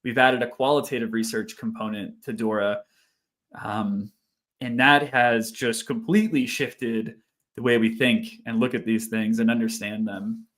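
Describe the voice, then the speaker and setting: A man speaking as a guest researcher in a casual interview, reflective and often laughing softly between phrases. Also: lowish voice, fairly even intonation, moderate pace.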